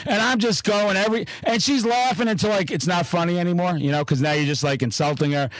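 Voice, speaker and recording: Profane high-voiced storytelling man. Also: fast talker, dry recording, low-quality recording. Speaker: podcast host. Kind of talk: casual chat, storytelling.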